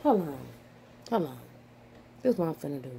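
An older woman who is a grandmother, talking casually to her vlog audience from home at her computer, animated and swearing as she scolds herself with laughs. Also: low-pitched, brisk, slight background noise. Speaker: YouTuber. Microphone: phone or computer mic.

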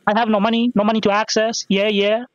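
A young man with a high voice chats loosely while gaming, swearing, joking and cutting himself off mid-thought. The recording is dry and a bit dull and lo-fi. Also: little pitch movement, quick pace, no echo. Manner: rambling, profane, jokey, self-interrupting. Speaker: gaming podcast host. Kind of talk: casual rambling chat while playing.

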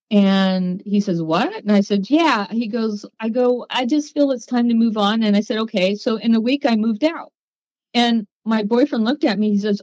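A woman guest on a podcast, telling her story in a lively way and acting out the voices of people she quotes. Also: a little high, normal speed, no room sound, low-quality recording. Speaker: guest, psychic.

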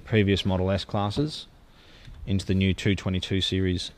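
A man's voice: low-pitched, little pitch movement, normal speed, slight background noise. A man giving a gushing car-sales walkaround as a dealer. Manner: enthusiastic, gushing sales talk.

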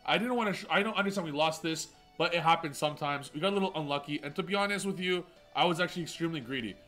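A man with a fairly high voice narrates card game replays as a channel host. He talks with boastful, hyped energy and mixes trash talk with self-mocking jokes. A quiet music bed plays underneath. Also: very fast.

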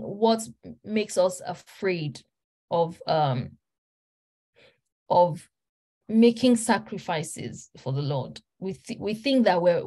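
A woman's voice: medium pitch, darkish tone. A woman preacher delivering an earnest, emphatic sermon, stressing points through repetition. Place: church.

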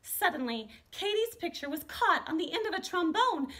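A woman art teacher reading a children's picture book aloud with an expressive, animated delivery. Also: very high-pitched, moderate pace, few pauses. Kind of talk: storybook read-aloud.

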